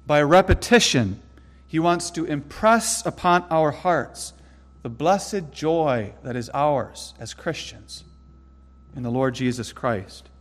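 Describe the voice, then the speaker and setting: Earnest preacher man, higher-pitched. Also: animated, big-room sound. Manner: earnest preaching, emphatic repetition, slows for stress. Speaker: pastor. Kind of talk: sermon.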